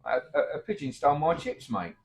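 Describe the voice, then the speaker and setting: A man's voice: fairly high pitch, big pitch swings, brisk. A middle-aged man, trading cheeky, blokey comic banter and calling his partner mate. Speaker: comedy double act co-host.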